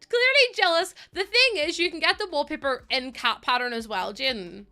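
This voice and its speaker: A young Northern Irish woman chatting away on a live stream, her voice bright and a touch higher than most. She rambles through asides and laughs a lot, with faint music playing behind her. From Northern Ireland. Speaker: game streamer. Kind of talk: casual live-stream chat, greeting viewers.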